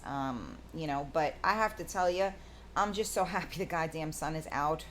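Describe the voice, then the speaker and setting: Woman host; slow, rambling, loose live-stream patter. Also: on the low side, a little hiss or hum. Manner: rambling, with many fillers. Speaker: talk show host. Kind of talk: casual live-stream chat.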